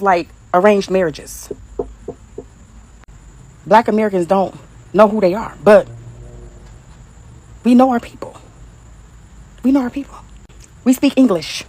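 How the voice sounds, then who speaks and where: A speaker with a Detroit accent giving a crude, laughing, mocking rant on social media. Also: mid-range voice.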